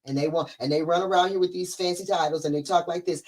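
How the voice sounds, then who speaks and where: A woman co-hosting a casual community podcast, talking in an animated, mocking way. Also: fairly low pitch, fast. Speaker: podcast co-host.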